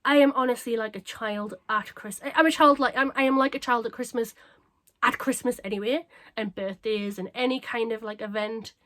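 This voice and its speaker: A woman chatting casually to camera as a craft vlogger, bubbly and self-mocking, her voice a little croaky. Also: on the high side, brisk. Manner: bubbly, excitable and self-deprecating. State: slightly croaky.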